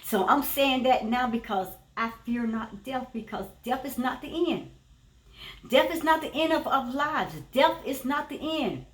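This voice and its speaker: A woman with a high voice shares a spiritual testimony, earnest and emphatic, circling back over her own phrases. She sits back from the microphone, so her voice carries a roomy echo. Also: a little slow, far from the mic. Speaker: teacher and former preacher.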